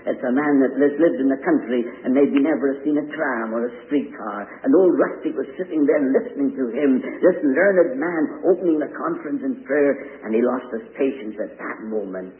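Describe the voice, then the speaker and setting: A man's voice: medium pitch, moderate pace, hardly any pauses. An earnest man preaches a sermon and presses his listeners with pointed, emphatic questions. His voice comes through a thin, tinny radio broadcast. A long reverb trails after his words, as if he stands in a large hall.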